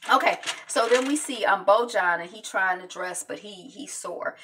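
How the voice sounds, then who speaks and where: A woman's voice: mid-range voice, moderate pace, recorded from a distance, background noise. Chatty woman recapping a TV episode. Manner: chatty, full of fillers and "is like" quotes. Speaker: TV show recapper.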